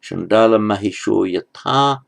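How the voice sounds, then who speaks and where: A man teaching at a very unhurried pace, his low voice gravelly with fry. He goes through the text bit by bit, stressing each foreign word slowly and clearly before he explains it. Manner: slow, careful, stepwise explaining; pronounces foreign words slowly with emphasis. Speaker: Sanskrit teacher. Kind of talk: lecture.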